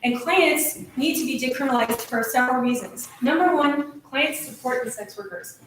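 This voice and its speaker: A woman's voice: sits high, moderate pace, a little hiss or hum. A woman giving an earnest, nervous speech at a meeting, with restarts and little laughs, recorded in a hall from a distance. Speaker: speaker at a meeting. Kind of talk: emotional speech. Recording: echoey room recorded from a distance.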